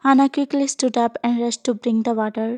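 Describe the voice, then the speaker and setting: High-voiced woman narrating a story. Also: fairly even intonation, fast, darkish tone. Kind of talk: scripted narration of a fan fiction story.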